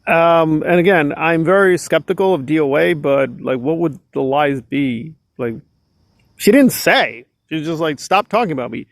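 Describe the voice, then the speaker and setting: A man's voice: fairly high pitch, unhurried, no room sound. A man giving casual, exasperated commentary, sarcastic and full of filler likes. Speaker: commentary vlogger.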